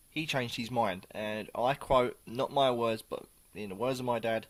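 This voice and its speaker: A man's voice: mid-range voice, normal speed, few pauses. A man chatting casually through a beer review on his channel, rambling, swearing and correcting himself as he goes.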